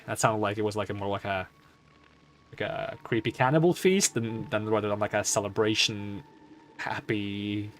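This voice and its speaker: A man's voice: lowish voice, normal speed, a little hiss or hum. Laid-back self-mocking man streamer. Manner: laughs often, self-mocking, rambling. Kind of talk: casual commentary while reading game dialogue.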